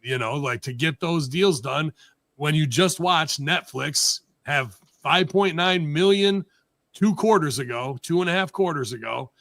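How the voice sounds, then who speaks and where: A man's voice: a little high, a bit bright, no echo. A man hosting a talk show, ranting sarcastically with lots of profanity in casual heated chat. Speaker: podcast host.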